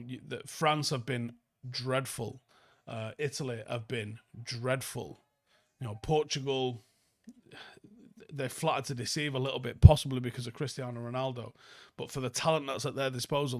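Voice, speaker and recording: Manc bloke doing a live footy review, reads out chat n swears a lot, average pitch voice. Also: male voice. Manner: blunt, sweary, reads viewer comments aloud and answers them. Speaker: football channel host.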